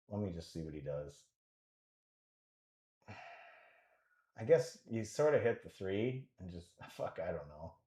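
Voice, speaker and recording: A man with a lowish voice gives casual live commentary on a pool match, rambling and joking as he thinks aloud about the shots.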